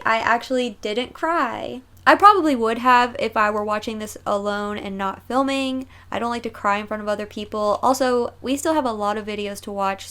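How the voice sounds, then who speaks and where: A woman's voice: fairly high pitch, a bit bright. A young woman chatting casually and emotionally while reacting to music videos, rambling and often laughing.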